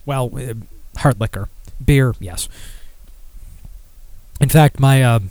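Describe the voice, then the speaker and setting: A man's voice: medium pitch, slow pace, a little mellow, dry recording. A man hosting a podcast alone, rambling casually and swearing often while reading product copy aloud. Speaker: podcast host. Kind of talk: casual solo podcast talk.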